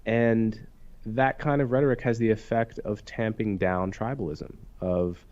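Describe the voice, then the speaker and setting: A young man, an author and interview guest, talks in a thoughtful, measured way and often restarts phrases while he reasons. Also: lowish voice, fairly even intonation, a little mellow. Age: young adult. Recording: dull lo-fi sound.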